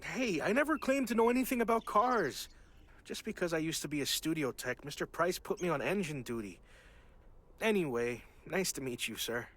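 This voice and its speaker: A sheepish young sound tech. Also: male voice, on the high side, animated, normal speed, a bit bright. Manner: sheepish, good-natured, laughing.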